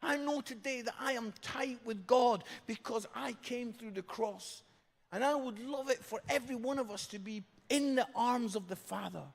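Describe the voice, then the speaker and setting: A man's voice: very high voice, moderate pace, vocal fry. A British man preaching an evangelistic sermon, telling a story and repeating phrases for emphasis. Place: large church hall. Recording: long hall reverb.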